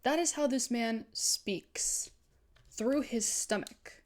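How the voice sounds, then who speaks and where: A woman's voice: fairly high pitch, slow. Chatty young woman streaming a game. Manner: animated, chatty, reads game text aloud. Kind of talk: live gaming commentary.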